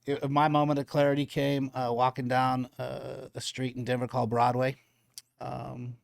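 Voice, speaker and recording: Flat-voiced pastor, dry and close. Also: male voice, medium pitch, moderate pace, creaky, dry recording. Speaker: pastor and addiction counselor, guest. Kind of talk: interview answers.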